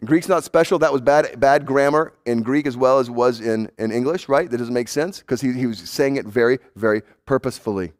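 A male pastor preaching a sermon emphatically, swinging between raised urgency and hushed, low intensity, and repeating words for emphasis. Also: fairly quick, hardly any pauses.

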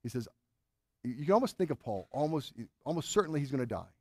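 A man with a fairly high voice preaches a sermon as pastor, earnest and emphatic. He leans on key words and keeps asking his congregation rhetorical questions. The sound is dry and close, with almost no room around it. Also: big pitch swings, fast, a little mellow, no room sound.

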